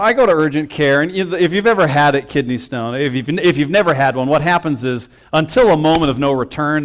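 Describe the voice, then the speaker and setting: A young male pastor tells a long personal story from the pulpit. His voice sits somewhat high, and he pokes fun at himself as he acts out what people said. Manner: animated, self-mocking storytelling with acted-out quotes. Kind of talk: storytelling sermon. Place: church sanctuary.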